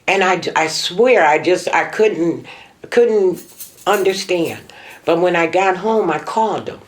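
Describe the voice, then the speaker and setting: A middle-aged woman, the mother in a documentary interview, reminiscing emotionally with her pitch sometimes rising sharply. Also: expressive, measured pace.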